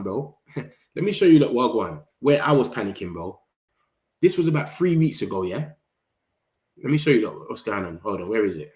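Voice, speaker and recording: Excitable slangy man streaming. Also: on the low side, normal speed, pauses often. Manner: excitable, slangy, reads chat aloud. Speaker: football fan streamer. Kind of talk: casual livestream commentary. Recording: roomy echo.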